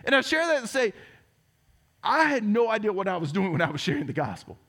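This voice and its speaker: A man's voice: sits high, sing-song, fairly quick, vocal fry, pushed and bright. A man in his thirties with a Southern US twang, preaching a sermon as teaching pastor, telling stories with earnest, self-deprecating humor. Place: church sanctuary.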